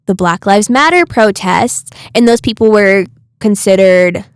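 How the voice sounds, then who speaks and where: A young woman co-hosting a podcast, chatting casually and getting indignant in quick bursts. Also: medium pitch, clear, resonant tone, dry recording, clean studio sound. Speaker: podcast co-host. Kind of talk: casual chat.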